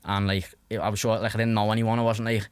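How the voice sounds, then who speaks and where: Young Scouse man, podcast guest, low-ish voice, dry close sound, rambling casual storyteller. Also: level tone, fast talker, clear, resonant tone, no echo. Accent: Liverpool (Scouse). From Liverpool, England. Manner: rambling, heavy fillers and restarts, swears freely.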